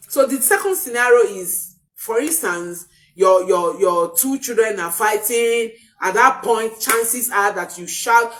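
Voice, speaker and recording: A woman parenting coach talks with a lively, rising and falling voice. She leans on repetition to drive each point home. Her voice sits at some distance from the microphone. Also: a little high, slow. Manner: expressive, repeats key phrases for emphasis. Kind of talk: motivational parenting talk.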